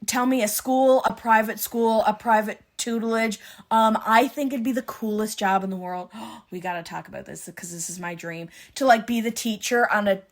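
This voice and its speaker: A Canadian woman co-hosting a podcast in casual chat, chatty and excitable, quick to gasp and laugh. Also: on the high side. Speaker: podcast co-host.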